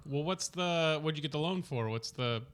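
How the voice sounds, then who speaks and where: A man's voice: fairly high pitch, moderate pace, a bit bright, clear, resonant tone, pitched above the performer's own voice, natural voice. A man improvising a bargaining beat cop. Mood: mock-stern. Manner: mock-official, improvised. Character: male police officer, stern but bargaining.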